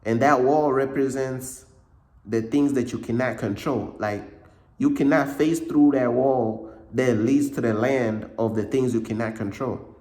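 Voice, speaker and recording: A man giving a casual motivational talk, repeating himself often, with a slightly cracking voice and frequent throat clearing. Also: medium pitch, unhurried, a little mellow, echoey room. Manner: repetitive, conversational, frequent "bruh" and "you know what I'm saying". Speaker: motivational speaker.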